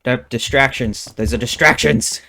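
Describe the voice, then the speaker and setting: A man's voice: mid-range voice, normal speed, vocal fry, sharp tone. A young man streaming a game, thinking aloud and muttering counts under his breath as he builds. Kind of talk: casual gaming commentary.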